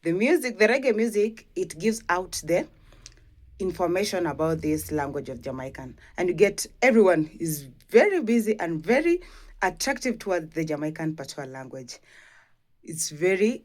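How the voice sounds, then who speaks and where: Low-voiced woman hosting a reaction video. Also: animated, normal speed, darkish tone. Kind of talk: reaction commentary.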